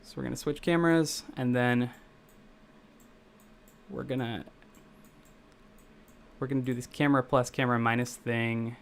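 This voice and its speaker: Coding on a live stream, a young game developer from the US Midwest talks casually with his audience, rambling and often correcting himself. His voice is mid-range and gravelly, with fairly even intonation, a moderate pace, and frequent pauses.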